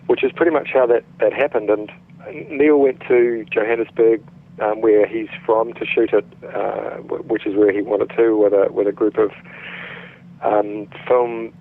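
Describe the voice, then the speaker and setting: A middle-aged man from New Zealand with a New Zealand accent, an actor telling stories in a relaxed interview, chatty with many restarts. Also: fairly low pitch, moderate pace. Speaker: actor guest. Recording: tinny phone-line sound.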